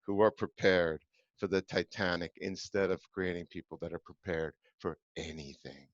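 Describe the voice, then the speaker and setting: A man co-hosting a podcast, telling a story in a casual, animated and emphatic way with frequent restarts. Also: sits low, moderate pace, no echo. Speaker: podcast co-host. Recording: dull, dry sound.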